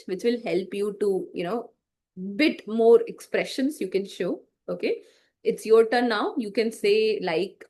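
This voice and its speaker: A woman's voice: medium pitch, normal speed, a little mellow. A woman teaching public speaking to children in an online class, encouraging and chatty, with many fillers and tongue twisters said aloud.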